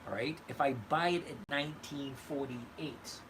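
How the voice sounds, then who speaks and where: A man's voice: medium pitch, a little slow, noisy background. An older retired man hosting a casual livestream, answering viewers by name in a blunt, conversational way. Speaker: host reading live chat. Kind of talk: casual livestream chat about trading.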